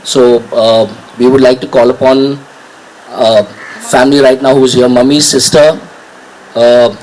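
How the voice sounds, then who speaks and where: Halting man hosting a ceremony. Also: mid-range voice, level tone, a little mellow, a little hiss or hum, poor audio. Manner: halting, casual, addressing a crowd. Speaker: ceremony host. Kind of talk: informal welcome speech. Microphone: handheld microphone.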